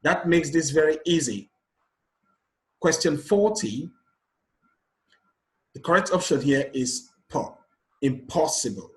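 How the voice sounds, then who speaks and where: A man with a slightly high voice teaches an exam revision lesson. He explains each rule patiently and counts syllables aloud. The room rings with a noticeable echo. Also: slow pace, long pauses. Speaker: English teacher. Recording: echoey room.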